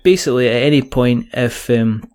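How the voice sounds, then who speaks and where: A man's voice: medium pitch, brisk, a little mellow, smooth. Scottish man hosting a chatty podcast. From Scotland. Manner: chatty, joking, many fillers. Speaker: podcast host. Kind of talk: casual chat.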